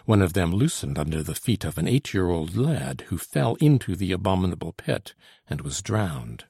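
Brief: low, gravelly male audiobook reader, measured and earnest, dry close mic. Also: very animated, mellow, dry recording. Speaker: audiobook narrator. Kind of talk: scripted narration.

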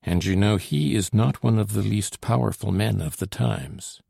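A man reading a period novel aloud in a measured, formal manner. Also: on the low side, vocal fry, mellow, husky, no room sound, studio quality. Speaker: audiobook narrator. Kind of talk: scripted narration.

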